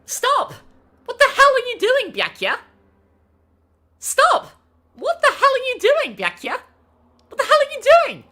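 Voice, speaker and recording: A furious character, as a woman acts it out yells in a shrill, strained voice pitched far above her own. It is loud and high, with a wide swing. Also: wildly swooping pitch, measured pace, pauses often, exaggerated voice. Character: furious character shouting at someone. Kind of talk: voice acting practice on stream.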